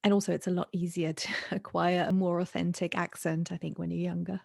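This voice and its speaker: A woman's voice: lowish voice, flat delivery, a little fast, gravelly, a little mellow, dry recording. A woman hosting a podcast, chatty and upbeat, who laughs often while talking. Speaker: podcast host. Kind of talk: casual podcast chat.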